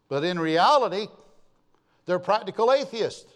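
A man's voice: on the high side, animated, slow pace, long pauses. A man preaching a sermon, emphatic and fond of repeating his key phrases. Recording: long hall reverb.

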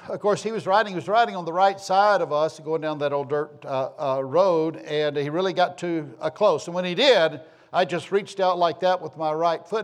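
A middle-aged man from the southern United States tells a rambling, homespun personal story with self-deprecating humor. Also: on the high side.

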